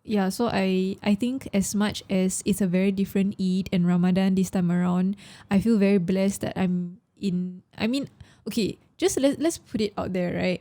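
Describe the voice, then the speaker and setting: A woman's voice: mid-range voice, steady tone, moderate pace, warm tone. A young Singaporean woman co-hosting a casual chat, talking in an emotional, chatty way and mixing in Malay words. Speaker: podcast co-host.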